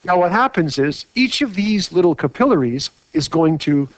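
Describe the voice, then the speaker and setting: A man's voice: high-pitched, big pitch swings, normal speed, no echo. A man teaching a lecture while drawing on a whiteboard, chatty and full of rhetorical questions. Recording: dry, dull lo-fi mic.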